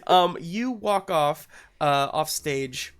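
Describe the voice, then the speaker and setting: A woman narrating as game master of a tabletop game, halting often with fillers and laughter. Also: sits low, animated, soft background music.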